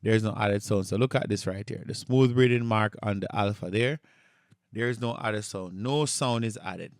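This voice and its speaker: A man's voice: fairly low pitch, moderate pace, vocal fry, no echo, clean studio sound. A man teaching a recorded online lesson, patiently repeating key points and often checking in with the class. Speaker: Greek instructor.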